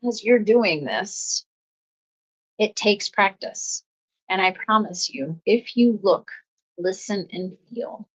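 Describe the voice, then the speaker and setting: A middle-aged woman talks earnestly to her listeners in a casual self-help talk, circling back to repeat her key phrases. Her voice sits fairly low for a woman. The audio is a little dull and lo-fi. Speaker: host.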